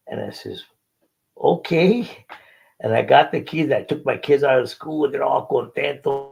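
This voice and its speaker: A man's voice: medium pitch, normal speed, creaky, darkish tone, slightly rough, rough recording. An older man, telling a faith testimony in an interview and acting out the dialogue earnestly. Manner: earnest storytelling, acts out dialogue. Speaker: guest.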